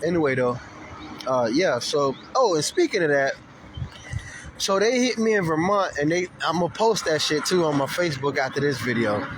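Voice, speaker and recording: A man giving a casual, profane video update, telling stories in a loose, animated way. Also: a little high, moderate pace, noisy background. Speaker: vlogger. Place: Florida.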